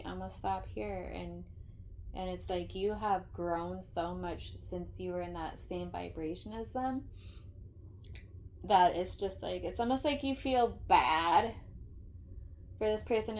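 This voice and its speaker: A woman's voice: medium pitch, a little hiss or hum. A woman giving a casual tarot reading, rambling and emphatic, full of fillers and swearing. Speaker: tarot reader.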